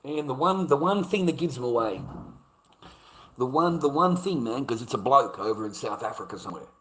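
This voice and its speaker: A man's voice: mid-range voice, lively intonation, brisk, fairly bright tone, a little hiss or hum, low-quality recording. Blunt man ranting. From Australia. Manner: blunt and heavily profane, repeats himself for emphasis. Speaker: vlogger. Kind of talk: casual ranting monologue.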